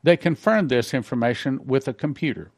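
A man pastor reading out a dream account and commenting on it in a sermon, slowing on key phrases and breaking into quick asides. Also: medium pitch, no room sound, studio quality. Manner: reads slowly, then comments in a quick aside.

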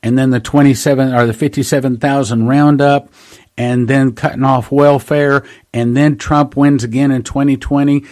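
In a mid-range, slightly mellow voice with a level tone, a man preaches at normal speed on his prophecy talk show. He earnestly calls his audience brothers and sisters and reads out dates and quotes at length in a monologue.

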